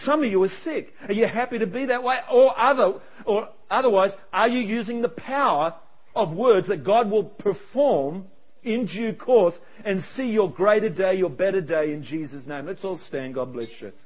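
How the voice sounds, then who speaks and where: High-voiced pastor preaching. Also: male voice. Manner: animated, acts out quoted voices, quick asides. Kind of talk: sermon. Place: church service. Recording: dull lo-fi sound.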